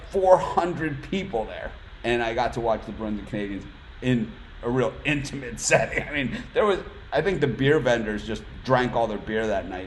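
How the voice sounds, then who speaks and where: A man's voice: on the low side, slight background noise, poor audio. A man hosting a casual sports betting chat, telling jokey stories between picks. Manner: chatty, jokey storyteller. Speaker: host.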